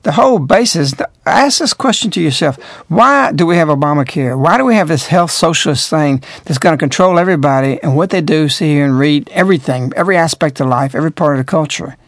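A man's voice: on the high side, lively intonation, quick pace, hardly any pauses, dry recording, clean studio sound. A man hosting a radio talk show, delivering emphatic, moralizing commentary full of rhetorical questions.

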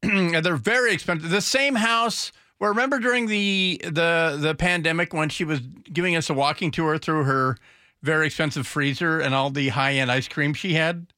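A man's voice: on the high side, normal speed, pushed and bright, dry recording. A man hosting a talk radio show, rambling commentary with sarcastic, mocking asides into a studio microphone.

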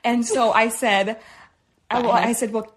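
A woman in her thirties, a mother co-hosting a podcast, telling a family story with quick jokes and frequent laughter. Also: fairly high pitch, steady tone. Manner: giggly, quick jokes, acts out quotes. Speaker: podcast co-host. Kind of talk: casual storytelling chat.

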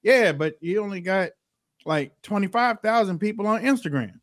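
A podcast host telling stories in casual chat, animated and quick to act out what others said, often repeating his words. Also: high voice. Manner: animated storyteller, repeats words, acts out quotes.

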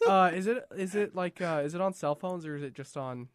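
Chatty thirtysomething guy on a podcast, kinda high voice, dry mic. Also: brisk, no room sound. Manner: chatty and enthusiastic, lots of likes. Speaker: podcast co-host. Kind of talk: casual podcast chat. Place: studio.

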